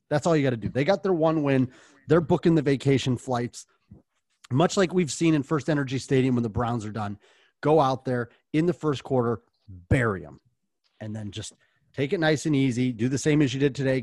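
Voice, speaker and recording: A man's voice: mid-range voice, darkish tone, no room sound. American male co-host, dry close sound, easygoing sports banter. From United States. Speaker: podcast co-host. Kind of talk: casual sports podcast chat.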